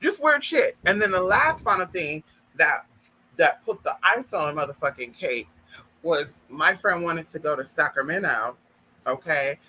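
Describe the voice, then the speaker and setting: A man telling a personal story to viewers in an animated, profane way, often calling them girl and y'all. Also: on the high side, a little slow, breathy edge, rough recording. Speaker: vlogger. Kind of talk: casual storytime monologue.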